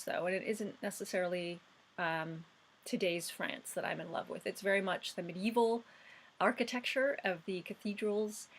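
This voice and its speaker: A woman's voice: mid-range voice, a bit bright. A woman, reminiscing in a chatty casual vlog monologue. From United States. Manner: chatty and reminiscing, with fillers and restarts. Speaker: vlogger.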